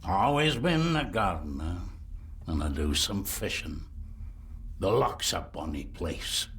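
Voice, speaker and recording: A blind old Scottish gardener, slow and cryptic. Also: male voice, low-pitched, animated, a bit bright, slight background noise, full character voice. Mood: ominous. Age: older. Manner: slow, cryptic, drawling with Scots words.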